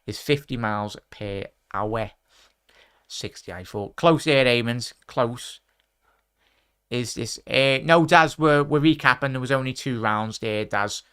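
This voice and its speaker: A man's voice: medium pitch, a bit bright, smooth. A man hosting a casual live-stream quiz, chatty and rambling, often stopping to correct himself. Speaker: quiz host.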